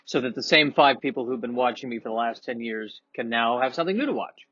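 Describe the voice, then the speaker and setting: A man's voice: medium pitch, fast talker, a bit bright, no room sound, lo-fi sound. Sniffly, self-mocking man rambling. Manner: self-deprecating, rambling with many restarts. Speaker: comedian vlogger. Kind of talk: casual rambling monologue.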